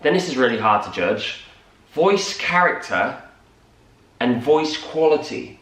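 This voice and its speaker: A man's voice: medium pitch, very animated, a little slow, a bit bright, recorded from a distance. Lancashire man chatting in a roomy room. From North West England. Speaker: co-host, musical theatre performer. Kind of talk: casual morning chat. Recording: roomy, from off-mic.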